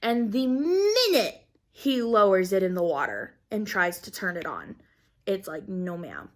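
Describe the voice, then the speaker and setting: A young woman vlogger telling a story in a casual, animated way, acting out quotes and laughing often. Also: medium pitch, unhurried. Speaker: craft vlogger.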